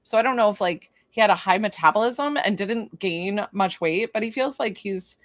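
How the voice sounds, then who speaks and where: A woman gives a one-on-one spirit reading as a psychic medium. She talks in a loose, chatty way and thinks aloud, filling her pauses with lots of ums and likes. Her voice sits at a middle pitch and is recorded dry, with no room sound. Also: no echo. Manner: chatty and informal, thinking aloud with many fillers; bursts into laughter.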